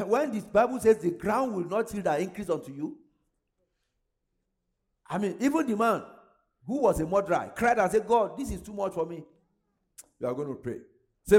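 A male pastor leading his congregation in fervent prayer, calling out prayer points for them to repeat and breaking into speaking in tongues. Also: high voice.

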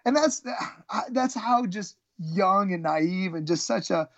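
Speaking a little slowly in an expressive, high voice, this middle-aged former college wrestler rambles through stories as an interview guest. He pokes fun at himself, stumbling through fillers and false starts. The recording is muffled but free of echo.

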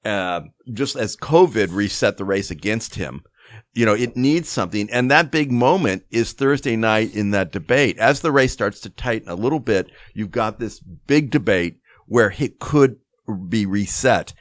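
A man co-hosting a podcast, arguing political points in halting restarts. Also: fairly low pitch, expressive, no room sound. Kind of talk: casual political chat.

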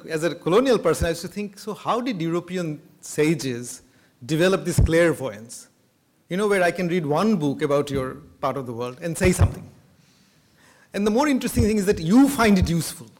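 A man from Bengal, giving an academic lecture with a reflective manner and occasional soft laughs. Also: fairly high pitch, expressive, normal speed. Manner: thoughtful, laughs between points.

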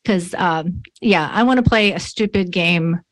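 A chatty woman from New York State hosts a casual interview with plenty of self-mocking humor. Her talk is bubbly and quick to joke. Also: fairly low pitch, very noisy. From New York State, USA. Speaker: podcast host.

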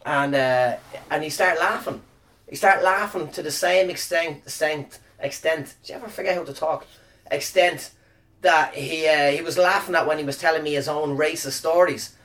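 An Irish podcast host tells a rambling, profane, self-deprecating story in a casual monologue. His voice is a little high and a bit bright, at a moderate pace, and the phone camera recording picks him up from a distance.

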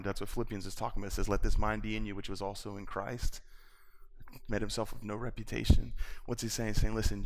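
A man preaching, telling a personal story with acted-out quotes and laughter. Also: on the low side. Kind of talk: sermon storytelling. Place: church.

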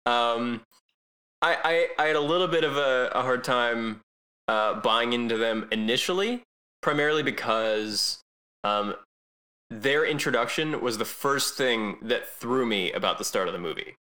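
A man's voice: medium pitch, lively intonation, a little slow, sharp tone. A man giving his opinions in a casual movie podcast, often stammering and restarting sentences. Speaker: podcast co-host.

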